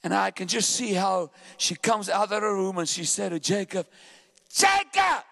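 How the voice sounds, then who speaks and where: A man preaching a sermon with passion, often shouting, racing through some phrases and drawing others out slowly. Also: high-pitched, steady tone, vocal fry. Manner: impassioned, frequently shouting; swings between rapid bursts and slow drawn-out phrases.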